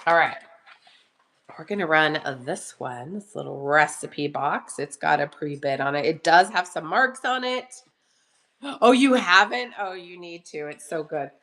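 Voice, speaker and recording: A woman's voice: low-pitched, lively intonation, measured pace, a bit bright. A woman hosting a live online auction from her home kitchen, chatting casually and greeting viewers by name while getting over a cough. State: recovering from a cough. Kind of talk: casual live-selling chat.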